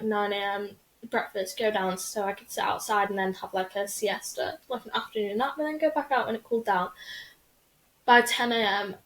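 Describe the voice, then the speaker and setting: A young woman, hosting a podcast in a rambling, chatty way full of fillers. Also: medium pitch. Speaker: podcast host. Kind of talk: casual chat. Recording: echoey room.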